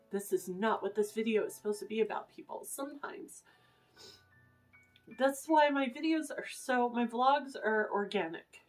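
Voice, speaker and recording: A woman's voice: on the high side, unhurried, faint music behind. A middle-aged woman vlogging in a casual, rambling way, anxious and emotional, full of fillers and restarts. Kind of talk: casual rambling vlog chat.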